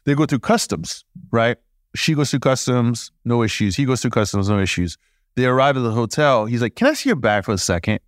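A man, a podcast guest, telling stories casually in an animated way, laughing and acting out dialogue. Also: mid-range voice, a little fast, dry recording, clean studio sound. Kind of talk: casual storytelling.

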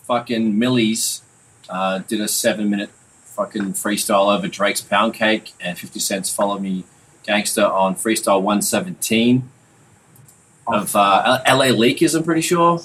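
Low-voiced man chatting loosely. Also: normal speed, a bit bright, slight background noise, poor audio. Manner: loose, sweary, full of fillers. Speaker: podcast host and mixing engineer. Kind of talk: casual music review chat.

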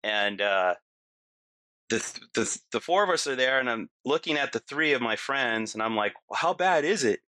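A middle-aged man telling a personal story in a casual, animated way, full of "like" and "you know". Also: medium pitch, normal speed, clean tone, no echo.

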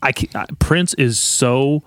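A man in casual conversation, relaxed, with many fillers and frequent swearing. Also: medium pitch, unhurried, smooth, no room sound, clean studio sound. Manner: laid-back, lots of likes and swearing. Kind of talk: casual podcast chat.

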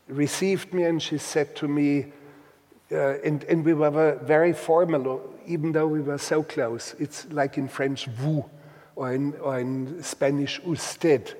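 Male storyteller, deliberate and halting delivery, very slow, recorded with a long reverberant tail. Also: a little high, darkish tone. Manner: halting, deliberate, with many restarts. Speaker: guest telling a story. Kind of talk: slow reflective storytelling with readings.

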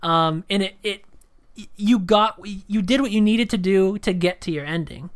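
A man's voice: sits high, normal speed. A man co-hosting a podcast, chatting casually and encouraging his friend. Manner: enthusiastic, encouraging. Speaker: podcast co-host. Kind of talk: casual chat.

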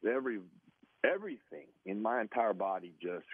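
A man with a lowish voice tells his football stories with energy and frequent laughter. The sound is dry and a little dull, like a lo-fi recording. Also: a little fast, husky, no room sound. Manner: animated, laughing storyteller. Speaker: former football player, guest. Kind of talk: casual storytelling.

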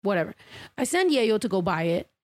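A woman's voice: mid-range voice, sing-song, fairly quick, dry recording. A woman telling a rambling, profane story in casual chat, acting out the people she quotes.

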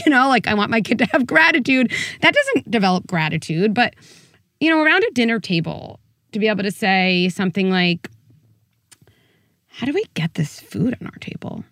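A woman psychologist speaking as a podcast guest. She talks in an animated way, drops in many "like" and "right?" fillers, and acts out parents and kids in quick quoted voices. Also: medium pitch, no room sound, studio quality. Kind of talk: conversational interview.

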